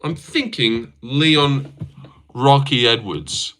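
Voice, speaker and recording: A man's voice: medium pitch, takes it slowly, a bit bright, slight background noise. A young man hosting a casual livestream, bantering with his chat in a crude, teasing way and swearing often. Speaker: livestream host.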